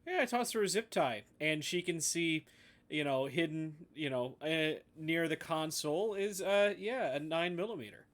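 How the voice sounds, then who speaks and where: A man playing a tabletop game, easygoing and quick to laugh. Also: a little high, expressive, a bit bright. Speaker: player.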